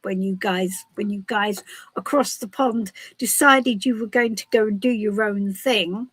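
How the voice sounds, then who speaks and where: A woman's voice: medium pitch, a little slow, a bit bright, slightly rough, no room sound, rough recording. A woman from the UK hosting a casual live stream as a tarot reader, chatty and giggly with many restarts. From United Kingdom.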